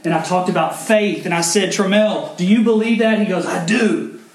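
A man's voice: high voice, brisk. A male pastor preaching a sermon, telling a story and rising to fervent emphasis. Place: church sanctuary. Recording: echoey church hall with faint noise.

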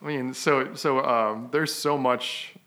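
A man speaks in a conversational podcast discussion, his voice bright and forceful in tone. He talks in halting bursts, restarting his phrases and often clearing his throat. His pitch sits in an ordinary middle range. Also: steady tone. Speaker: podcast co-host and father.

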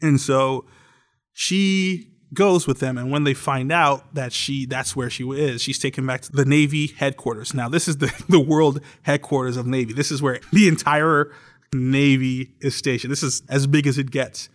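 A young man co-hosting a podcast, chatting casually and telling a story with lively acted-out quotes. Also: medium pitch, moderate pace. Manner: animated storytelling, acts out quotes. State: tearing up. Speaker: podcast co-host. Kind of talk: casual chat.

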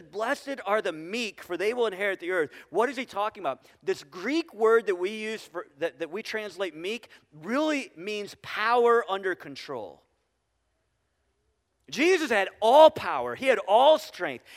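Guy preaching in a church, voice kinda high, echoey hall, chatty with lots of "right?". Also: fairly bright tone. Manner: conversational, with frequent restarts and tag questions. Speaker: pastor. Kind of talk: sermon. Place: church sanctuary with congregation.

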